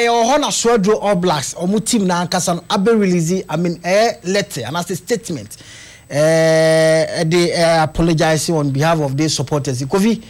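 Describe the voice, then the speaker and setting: Sports talk host, slightly high voice, conversational. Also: male voice, normal speed. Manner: conversational, uses fillers.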